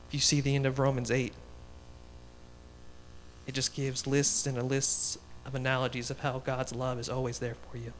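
A man's voice: mid-range voice, a little hiss or hum. A young man giving a casual, story-driven sermon, chatty and laughing as he talks. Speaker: guest speaker.

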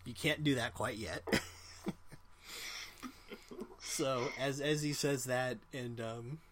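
A man's voice: mid-range voice, fairly even intonation, takes it slowly, a bit bright, slight background noise. A man narrating as game master in a tabletop game, casual and rambling with lots of fillers.

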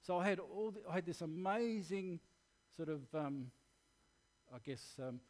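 A man's voice: high voice, lively intonation, a little slow. An Australian man preaching a sermon, telling a candid personal story in an earnest, plain-spoken way.

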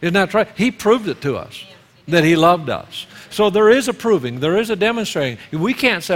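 A man's voice: sits high, normal speed. A male pastor preaching at a church service, calling on the congregation to answer back. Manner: lively call-and-response preaching. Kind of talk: sermon. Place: church sanctuary. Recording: long reverb of a church hall.

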